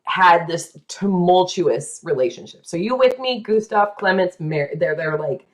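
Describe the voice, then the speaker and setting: A woman hosting a podcast, telling a true story in a casual, dramatic way, with asides and quick voices for the people in it. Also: lowish voice, expressive.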